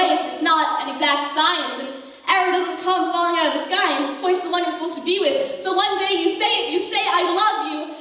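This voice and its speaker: School musical narrator, girl cast as rambling male fan; high voice, distant, very echoey hall. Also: fairly bright tone. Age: teens. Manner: rambling, confiding asides to the audience. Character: wistful adult male theatre fan, talkative narrator. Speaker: student actor. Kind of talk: stage musical acting. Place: school auditorium stage. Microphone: far room mic.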